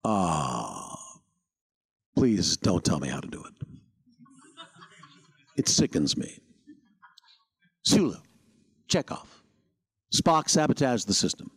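A man doing a halting, grandiose veteran actor. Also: deep voice, huge pitch swings, vocal fry, breathy edge, pitched below the performer's own voice, exaggerated voice. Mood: indignant. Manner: halting, dramatic pauses between phrases. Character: famous veteran male actor, grand and touchy.

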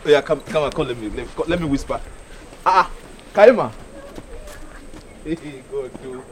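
A man's voice: on the high side, animated, moderate pace, a little hiss or hum, natural voice. An actor playing an eager man wooing a woman, coaxing and stammering, with Nigerian Pidgin in his speech.

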